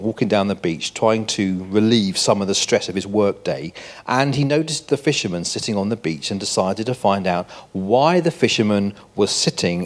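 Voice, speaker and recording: Conversational older preacher. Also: male voice, fairly low pitch. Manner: conversational, full of rhetorical questions. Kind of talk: conversational sermon.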